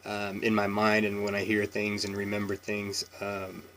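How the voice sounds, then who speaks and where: Slight background noise sits under a man's low-side voice as he talks at normal speed. He's a Washington State native in his thirties with the local accent, casually rambling through an accent tag with many ums and chuckles.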